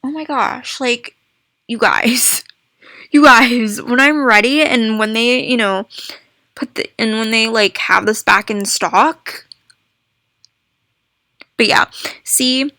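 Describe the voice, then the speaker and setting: Bright-voiced young woman vlogging slowly. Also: on the high side, no room sound, clean studio sound. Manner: rambling, restarts phrases, excitable exclamations. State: hiccups. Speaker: gaming vlogger. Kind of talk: casual chat to viewers.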